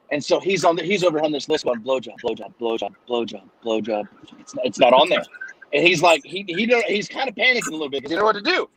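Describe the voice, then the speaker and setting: A man's voice: fairly high pitch, a bit bright, rough recording. A man telling a long joke in casual chat, rambling and acting out the characters' voices. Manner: rambling storyteller, acts out voices.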